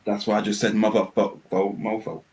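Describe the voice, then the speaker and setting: A man's voice: lowish voice, little pitch movement, fairly quick, a little mellow, a little hiss or hum. A man, laid back and casually swearing in a panel chat. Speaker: panel regular.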